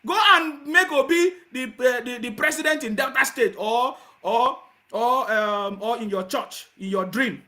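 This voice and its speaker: A man with a Nigerian accent hosts a heated call-in radio show, shouting at callers, scolding and insulting them angrily. His voice is very high-pitched, yet his pace stays measured.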